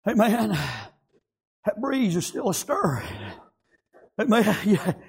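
A man preaching a fervent sermon, chanting "praise God" and "amen" between phrases and swinging into shouts with a rough preacher's cadence. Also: high-pitched, animated, slow.

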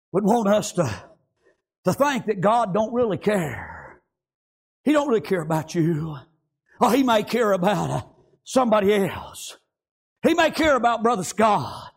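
A man preaching a fervent sermon, chanting "praise God" and "amen" between phrases and swinging into shouts with a rough preacher's cadence. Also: high-pitched.

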